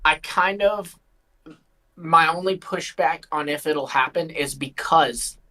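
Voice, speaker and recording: A man's voice: on the high side, slow pace, bright, forceful tone. A man co-hosting a live podcast, hesitant and qualifying his points as he talks. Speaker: podcast co-host. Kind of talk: casual live podcast chat.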